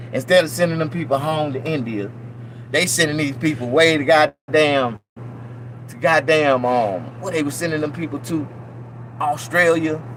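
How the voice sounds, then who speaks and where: A man's voice: a little high, slight background noise, low-quality recording. A middle-aged man from Mississippi with a Southern accent, rambling loosely and profanely to his viewers. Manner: loose, profane, animated, mock-preaching asides. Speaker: vlogger. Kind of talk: rambling casual monologue to viewers.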